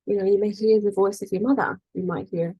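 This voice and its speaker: Here a middle-aged spiritual energy-healing coach talks to her faith group in a relaxed teaching style, chatty and full of "you know" and "right?", sometimes acting out other people's voices. Her medium-pitched voice is dark with a breathy edge, fairly even in intonation and a little fast. There's no echo, though the recording is low quality.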